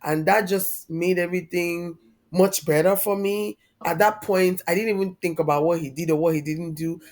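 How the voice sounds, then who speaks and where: A woman's voice: fairly low pitch, moderate pace, a little mellow. A woman, a podcast guest telling her personal story in a heartfelt, reflective way. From Nigeria. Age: 30s. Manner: heartfelt, reflective, openly emotional.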